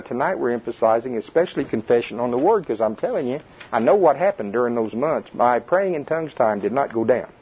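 Guy preaching, husky voice, lively ups and downs, kinda muffled lo-fi tape. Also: on the high side. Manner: animated, conversational, quizzes the congregation. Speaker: pastor. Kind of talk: informal sermon.

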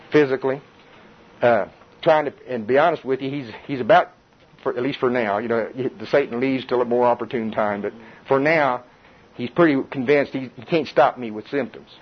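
A middle-aged pastor preaches in a husky voice, chatty and lively, often repeating himself for emphasis. The recording sounds muffled and dull, as if taken in a church meeting room. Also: male voice, medium pitch. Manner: lively, conversational preaching with chuckles and repetition. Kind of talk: sermon at a Bible study.

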